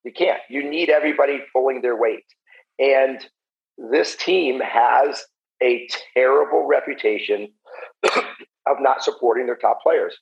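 A man with a gravelly, fry-edged voice chats as a podcast guest, blunt and profane, working himself up as he talks. The audio is muffled and lo-fi. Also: mid-range voice, a little slow. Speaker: podcast guest, former pro hockey player. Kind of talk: casual podcast chat.

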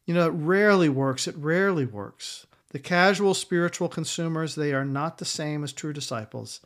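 Male pastor, sermon, emphatic, repeats lines, somewhat high pitch. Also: normal speed, fairly bright tone.

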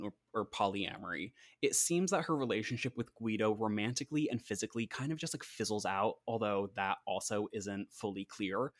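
A man's voice: fairly low pitch, no echo. Chatty male podcast host, dry sound. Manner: chatty, uses "like" often, acts out quotes. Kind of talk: casual podcast storytelling.

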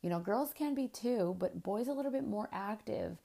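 A woman's voice: mid-range voice, expressive, moderate pace, creaky, warm tone. Woman, 30s, podcast host, casual frank monologue, mid-range voice. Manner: frank, rambling, conversational with fillers.

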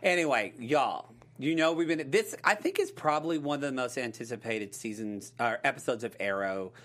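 An animated, playful man co-hosting a casual chat about a TV episode. He banters easily and slips into sing-song hype now and then. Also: mid-range voice, moderate pace. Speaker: co-host.

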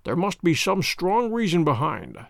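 A man's voice: high voice, sing-song, gravelly, a bit bright, no echo, studio quality, full character voice. Man reading a grave, confident detective. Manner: measured, authoritative.

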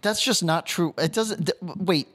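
A man's voice: high-pitched, moderate pace, fairly bright tone, husky. A young man co-hosting a podcast, chatting casually with needling, profane banter. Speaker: podcast co-host. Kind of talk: casual chat.

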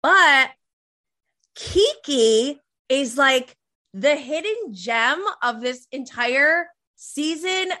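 A woman's voice: high voice, animated, drawn-out words, bright, forceful tone. A woman hosting a podcast in casual chat, gushing and enthusiastic with frequent giggles. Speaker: podcast host.

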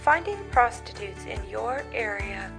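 A woman as a deadpan smart-speaker assistant. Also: fairly high pitch, a little slow, creaky, over music. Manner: flat, polite, deadpan.

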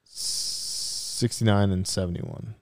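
A man's voice: on the low side, steady tone, slow pace, dry recording, studio quality. A young man co-hosting a casual sports chat, ranting and swearing, mocking critics in put-on voices. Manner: profane, ranting, mocks people in put-on voices. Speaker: podcast co-host.

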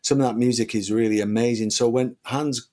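A middle-aged man, a guest musician, talking casually in a rambling, animated way with many restarts. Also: mid-range voice, brisk. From England. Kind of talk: casual conversation.

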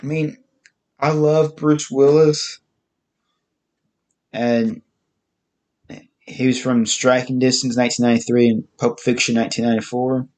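A man giving a casual, halting spoken movie review, listing facts with frequent restarts. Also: medium pitch, flat delivery, a little mellow.

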